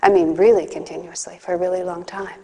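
A woman's voice: fairly low pitch, steady tone, quick pace, mellow. A woman giving a conversational spiritual talk, mixing teaching with personal stories and playful acted asides. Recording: long hall reverb.

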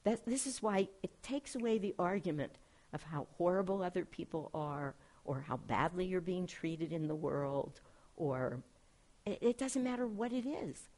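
Low, husky woman giving a spiritual talk. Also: animated, moderate pace. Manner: earnest, gentle, reads quotations aloud. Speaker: spiritual director. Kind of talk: informal spiritual class talk.

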